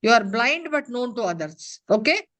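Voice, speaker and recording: This woman, a corporate trainer, keeps her classroom lecture interactive with quick quiz questions, peppering her speech with "you know" and "huh?". She sounds a little high and sing-song, with a slightly bright tone.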